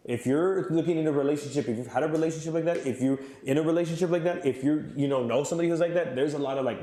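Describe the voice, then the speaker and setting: A man's voice: on the high side, rapid-fire, hardly any pauses, warm tone. A young man giving an earnest youth sermon in a conversational way, with fillers and repeated phrases. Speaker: youth pastor. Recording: roomy hall echo.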